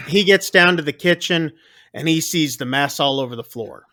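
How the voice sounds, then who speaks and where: A man co-hosting a podcast, casually retelling a film scene by scene in a rambling, animated way. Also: on the high side, normal speed. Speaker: podcast co-host.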